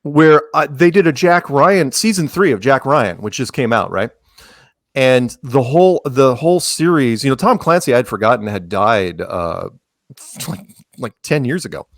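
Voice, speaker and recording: A man's voice: mid-range voice, lively intonation, moderate pace, no room sound, clean studio sound. A man talking as a podcast guest in a rambling way, full of restarts and sarcastic asides. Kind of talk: casual chat.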